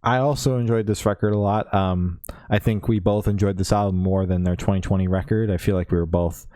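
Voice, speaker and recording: Low-voiced, profane podcast co-host. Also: male voice, fairly even intonation, fairly quick, warm tone, dry recording, clean studio sound. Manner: laid-back, swears freely, many fillers and restarts. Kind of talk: casual music review chat.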